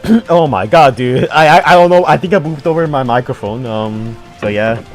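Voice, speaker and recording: A man hosting a livestream, excitable and flustered, laughing through casual chat. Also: mid-range voice, moderate pace, faint music behind. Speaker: livestream host.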